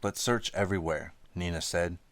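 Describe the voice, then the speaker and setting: A man's voice: low voice, fairly even intonation, moderate pace, no echo, lightly acted. A man reading an audiobook, voicing a determined teenage girl who speaks urgently.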